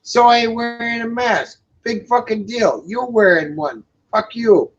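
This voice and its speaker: A man's voice: very high voice, a little slow. Crude, rambling man on lo-fi audio. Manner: crude, rambling, repeats himself with many fillers. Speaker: co-host. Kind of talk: casual profane chat. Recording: dull lo-fi sound.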